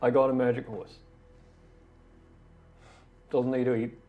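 A man voicing a bumbling, excitable adventurer who protests indignantly. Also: mid-range voice, measured pace, phone-quality sound, soft background music, pitched below the performer's own voice, lightly acted.

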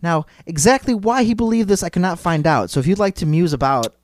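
A man's voice: high-pitched, animated, a little fast. A man hosting a podcast, telling a story in a casual, rambling, playful way full of "like" fillers. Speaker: podcast host. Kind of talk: casual chat.

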